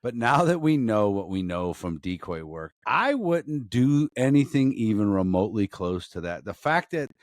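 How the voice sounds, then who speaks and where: A man's voice: lowish voice, big pitch swings, normal speed, few pauses, no room sound, clean studio sound. A man hosting a podcast in casual chat, blunt and swearing freely. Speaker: podcast host, K9 handler.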